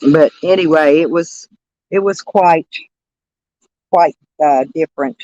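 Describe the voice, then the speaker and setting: A woman's voice: sits low, slow, mellow, no room sound. A woman chatting casually on a live stream, rambling and greeting viewers by name. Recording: dull dry lo-fi sound.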